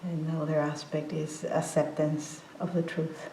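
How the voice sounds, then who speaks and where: A woman in her forties giving an informal meditation talk, halting with many fillers and restarts, often breaking into laughter. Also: sits low, little pitch movement, dark tone, slight background noise. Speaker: meditation teacher. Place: meditation hall. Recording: roomy hall sound.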